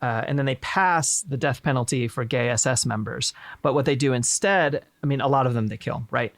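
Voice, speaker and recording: A man hosts a relaxed history chat with a gravelly, creaky voice. He swears freely and throws in wry asides, recorded dry and close with mid-range pitch. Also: brisk, no echo. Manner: irreverent, profane, joking asides. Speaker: stream host. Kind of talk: casual history chat on a live stream.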